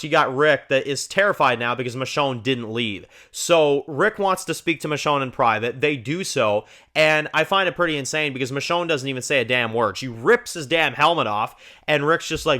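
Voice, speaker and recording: A man's voice: mid-range voice, moderate pace. A man hosting his own channel, reviewing a TV episode in a casual, rambling way, full of "you know" and restarts. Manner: gets lively when retelling scenes. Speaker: TV show reviewer, channel host.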